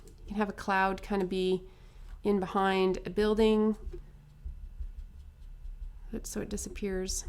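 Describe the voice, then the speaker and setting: A woman's voice: medium pitch, little pitch movement, slow pace, long pauses, a little mellow, clear, resonant tone. Chatty upbeat woman teaching face painting. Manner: chatty, upbeat, self-amused, many asides and tag questions. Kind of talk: casual tutorial demonstration.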